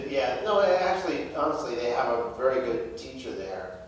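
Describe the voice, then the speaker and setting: A man being interviewed on stage, speaking haltingly with wry, self-deprecating humor. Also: medium pitch, big pitch swings. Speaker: actor, interview guest. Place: theater stage before an audience. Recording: echoey room, far from mic, noisy.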